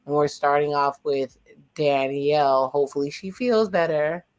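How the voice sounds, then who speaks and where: With a deep, steady, somewhat dark voice at normal speed, a woman runs a relaxed watch-along of a reality show. She recaps the cast's lines in slang and throws frank comments to her audience as she reacts.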